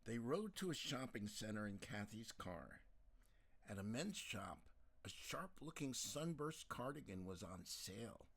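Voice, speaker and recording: A man narrating a novel as an audiobook, in a calm, measured storytelling manner. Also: fairly low pitch, vocal fry, breathy edge.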